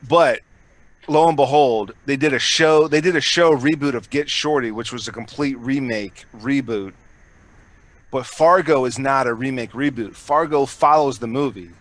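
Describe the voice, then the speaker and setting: A man's voice: mid-range voice, moderate pace, fairly bright tone. Rambling, swearing podcast guy. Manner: rambling, swears a lot, many restarts. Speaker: podcast co-host. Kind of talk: casual chat.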